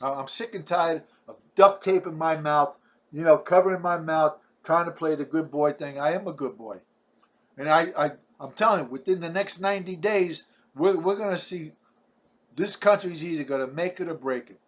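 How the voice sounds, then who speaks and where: Seventies New man, raised pitch, ranting combatively with stumbling restarts. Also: moderate pace. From Brooklyn, New York. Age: 70s. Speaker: vlogger. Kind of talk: ranting monologue.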